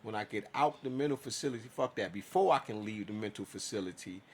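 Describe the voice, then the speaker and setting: A man's voice: on the low side, quick pace, husky. A man telling his own story in a casual, profane monologue, acting out his side of conversations.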